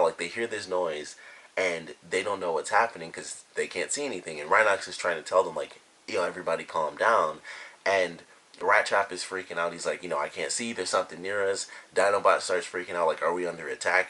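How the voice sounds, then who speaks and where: A man with a low, bright, forceful and slightly rough voice gives a casual spoken review of a cartoon episode. He retells scenes loosely and rambles, filling his talk with "like" and "you know."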